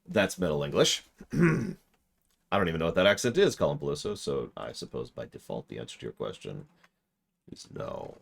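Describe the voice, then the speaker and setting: Deep-voiced man rambling over game. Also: wildly swooping pitch, fairly quick, creaky, slightly rough. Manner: rambling, interrupts himself, answers chat. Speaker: streamer playing a video game. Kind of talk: casual live-stream commentary.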